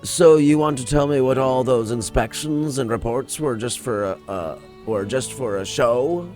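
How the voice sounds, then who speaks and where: A man's voice: mid-range voice, unhurried, a little mellow, soft background music, lightly acted. A man reading out the lines of a wary, puzzled male prepper who used to be an engineer.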